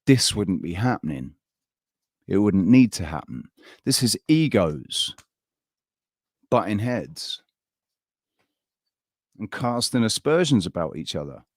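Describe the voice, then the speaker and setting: A man hosting a live stream, ranting in a heated, halting way and swearing often. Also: on the low side, expressive, dry recording, clean studio sound. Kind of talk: casual live-stream chat.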